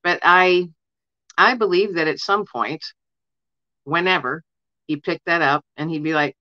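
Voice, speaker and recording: Bright-voiced woman telling stories. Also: lowish voice, measured pace, pauses often, dry recording, lo-fi sound. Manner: earnest, leans on "you know", chuckles while telling stories. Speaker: interview guest. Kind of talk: casual storytelling.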